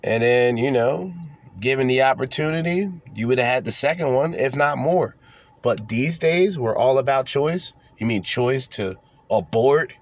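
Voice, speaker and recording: Young guy on his podcast, mocking and swearing, mid-pitch voice. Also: animated, measured pace, dry recording. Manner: sarcastic, profane, mocking asides. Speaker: podcast host. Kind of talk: casual unscripted rant reading articles aloud.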